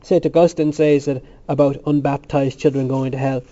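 Loud, mellow-toned brash young student, scornful and argumentative, read by a man. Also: medium pitch, flat delivery, close to an everyday voice. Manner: provocative, loud and quick to argue. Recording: muffled lo-fi recording.

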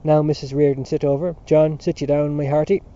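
A man's voice: a little high, a little fast, natural voice. A man voicing a jovial, bantering middle-aged Irish father in a storybook reading, on a dull lo-fi recording. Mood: hearty. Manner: loud, bantering, lively.

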